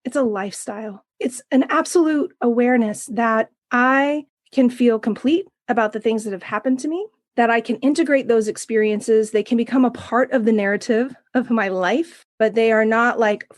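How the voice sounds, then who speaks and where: A middle-aged woman, a recovery coach, telling her story as a guest in an interview, earnest and animated. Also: fairly high pitch, normal speed, hardly any pauses, no echo, clean studio sound. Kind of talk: interview conversation.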